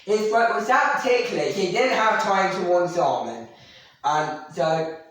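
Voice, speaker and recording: A man's voice: high-pitched, lively intonation, a little slow, a bit bright. A man animatedly telling a rambling story about himself in the third person, filmed by someone else. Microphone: camera filmed by someone else. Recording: very echoey room, mic far off.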